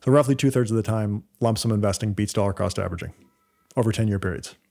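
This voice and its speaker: A man's voice: on the low side, fast talker, gravelly, dark tone. A man with a Canadian accent co-hosting a podcast, explaining data step by step in casual chat with frequent fillers and restarts. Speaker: podcast co-host.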